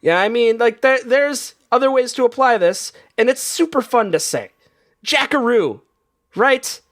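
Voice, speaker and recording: A man hosting a comedy game show, playful and quick to laugh. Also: very high-pitched.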